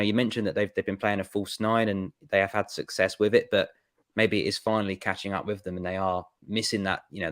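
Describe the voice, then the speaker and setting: Low-voiced man in halting football chat. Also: dry recording, studio quality. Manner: hesitant, many restarts and fillers.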